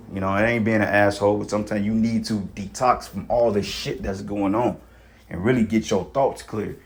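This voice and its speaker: A man giving an informal sermon to his brothers, exhorting in casual street talk with frequent profanity and repeated "you know what I'm saying". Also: fairly low pitch. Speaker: preacher.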